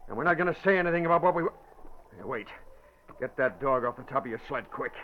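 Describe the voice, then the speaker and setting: An actor playing a ruthless male fur trapper who barks gruff orders, in 1940s radio acting style. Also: medium pitch, lively intonation, quick pace, lightly acted. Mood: commanding. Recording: lo-fi old radio recording with faint hiss.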